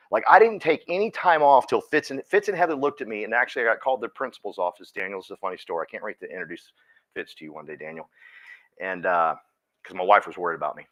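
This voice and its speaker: A man giving a folksy, energetic motivational talk to his team, often repeating himself. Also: mid-range voice, quick pace. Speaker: team leader speaking at a company meeting.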